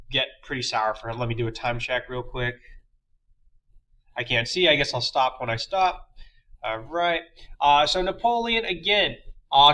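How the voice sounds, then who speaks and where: A man's voice: mid-range voice, bright, forceful tone, rough recording. A young man teaching a history lesson in a loose, chatty way, with lots of fillers and playful asides. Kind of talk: casual classroom lecture.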